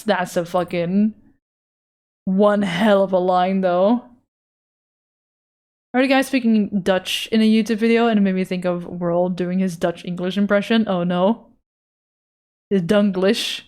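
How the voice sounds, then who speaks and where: A woman's voice: medium pitch, a little mellow. A woman art streamer chatting casually with her chat, loose and profane as she answers messages.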